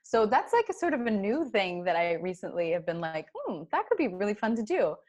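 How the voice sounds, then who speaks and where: A woman's voice: mid-range voice, big pitch swings, fairly quick, a little mellow, muffled recording. A young woman chats as a podcast guest. Her talk is loose and friendly, full of fillers, with frequent laughter. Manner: chatty, laughs often, filler-heavy. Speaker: guest actor and director. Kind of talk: casual podcast chat.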